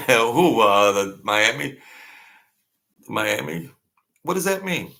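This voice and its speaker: A man hosts a laid-back livestream, drawling slowly and wandering from one thought to the next as he reads out and answers his viewers' comments. His low voice is gravelly, with a bright, forceful edge. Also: lively intonation. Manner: rambling, greets viewers by name and answers their comments. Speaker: livestream host. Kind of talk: casual livestream chat.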